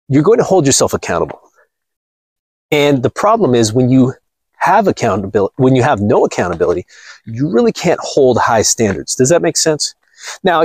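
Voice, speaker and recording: A man rants to his viewers in a blunt, mocking monologue while out walking. His voice is a bit husky and jumps lively in pitch. The sound is dry and close. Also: dry recording. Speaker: vlogger. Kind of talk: casual ranting monologue.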